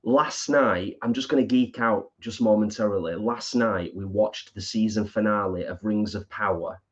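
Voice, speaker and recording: A man's voice: fairly low pitch, normal speed. A man co-hosting a live stream, chatting casually and reading out viewer comments. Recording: dull lo-fi stream audio.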